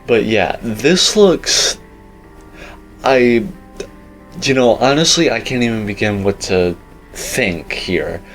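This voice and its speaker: Young man, low voice, casual rambling game commentary, faint music behind. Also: a little slow, low-quality recording. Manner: rambling and opinionated, heavy filler words. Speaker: gaming YouTuber.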